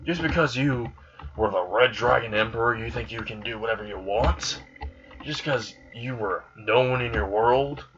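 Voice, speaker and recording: A man's voice: medium pitch, moderate pace, a crowd in the background, lightly acted. A man voicing a self-righteous young hero who speaks in an accusing way. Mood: indignant. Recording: slightly dull recording with faint hiss.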